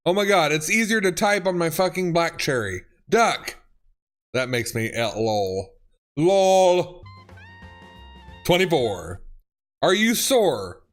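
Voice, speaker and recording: A man reads text messages aloud and reacts to them, laughing and cursing as he goes. His pitch sits a little high and leaps around animatedly, though he takes his time. Faint music plays underneath. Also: big pitch swings, takes it slowly, long pauses, a bit bright. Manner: laughs often, reads lines with swearing and exclamations. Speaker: YouTuber reading autocorrect fails. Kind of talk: comedic reading and reacting.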